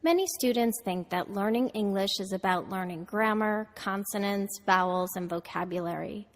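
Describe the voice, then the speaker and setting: A woman narrating a scripted pronunciation lesson, modeling words slowly and clearly for listeners to repeat. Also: medium pitch. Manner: slow, deliberate, models words for repetition. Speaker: pronunciation teacher. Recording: reverberant audio played through a video call.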